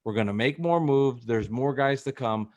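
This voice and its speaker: A man's voice: medium pitch, moderate pace, dull audio. A man co-hosting a sports podcast in casual chat, earnest and prone to stammering restarts. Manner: earnest, stammers and repeats words. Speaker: podcast co-host.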